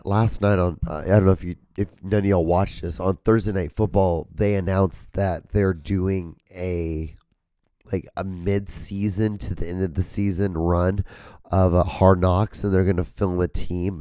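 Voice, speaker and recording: Hoarse young man rambling. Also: low voice, mellow, dry recording, studio quality. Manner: rambling, filler-heavy, slight upspeak. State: hoarse, sore voice. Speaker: podcast host. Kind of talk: casual solo rambling. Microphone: camera mic, solo filming.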